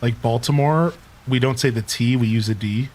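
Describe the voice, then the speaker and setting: A man's voice: mid-range voice, normal speed, darkish tone, slight background noise. A man from Ohio with a Midwestern accent, a streamer chatting playfully with his live chat while he plays, teasing and laughing often. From Ohio, USA.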